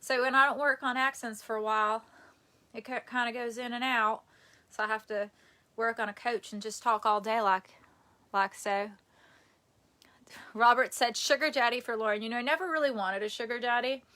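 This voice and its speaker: Chatty young woman, bright voice. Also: fairly high pitch, steady tone. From United States. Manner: chatty, self-deprecating, quick to laugh. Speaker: live streamer. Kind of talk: casual live-stream chat. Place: indoors at home near a bed. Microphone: phone or camera on a tripod.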